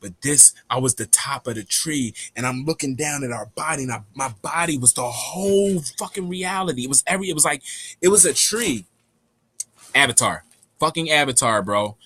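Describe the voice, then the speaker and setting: A young man telling a rambling, profane story in a casual, animated way. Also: mid-range voice, normal speed, slightly rough.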